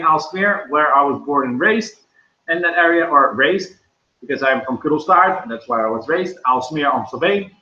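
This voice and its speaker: A loud, animated Dutch man hosting a casual livestream, speaking English with a Dutch accent. His voice sits a bit high and sounds bright and forceful. It comes through a dull, lo-fi computer microphone in a roomy, echoey space. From Netherlands. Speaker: livestream host.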